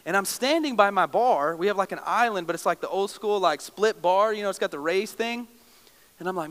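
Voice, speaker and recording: A man's voice: sits high, fairly quick, a bit bright. A young adult male pastor preaching a sermon, emotive and storytelling with self-deprecating humor. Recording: long reverb of a large hall.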